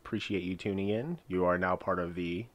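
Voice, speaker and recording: A man's voice: sits low, fairly even intonation, a little fast, dull audio. A man co-hosting a casual podcast, easygoing and agreeable. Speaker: podcast co-host.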